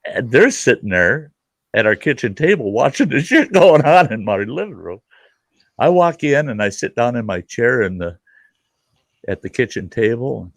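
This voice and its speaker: At a moderate pace and medium pitch, a middle-aged man hosts an easygoing chat, and there is no room sound. He tells a story with lots of cursing and animatedly acts out different voices.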